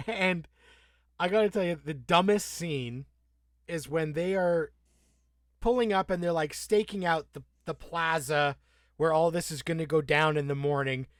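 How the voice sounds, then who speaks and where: Animated, swearing man on a dry mic. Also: on the high side, measured pace, pauses often, no echo. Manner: profane, animated, acts out characters' lines. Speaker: podcast co-host. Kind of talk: casual TV recap discussion.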